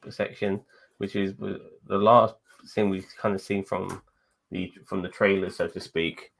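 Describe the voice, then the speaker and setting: Casual co-host, low gravelly male voice, profane and rambling. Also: flat delivery, measured pace. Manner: profane, rambling, laughs while talking. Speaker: podcast co-host. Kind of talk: casual chat.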